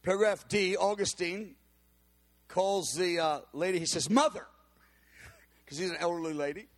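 High-voiced man telling a sermon story. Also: normal speed. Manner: animated storytelling, voices the people he quotes. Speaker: preacher.

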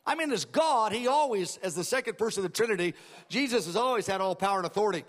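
High-voiced preacher in a reverberant hall. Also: male voice, lively intonation, fast. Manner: conversational expository preaching with dramatized asides. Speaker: pastor. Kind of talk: sermon.

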